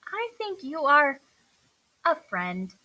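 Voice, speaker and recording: An excitable, earnest young male pet from a children's storybook, voiced by a woman. His voice sits high and bright, jumping around with emphasis. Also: slow, heavily acted, rough recording. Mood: tender.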